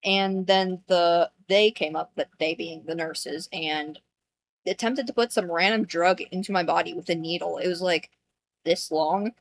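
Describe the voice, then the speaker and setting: A woman with a somewhat low voice tells a dream in a relaxed podcast conversation. Her remarks are dry and understated. A faint hum sits under the recording. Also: unhurried. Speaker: podcast co-host. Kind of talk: casual chat, telling a dream.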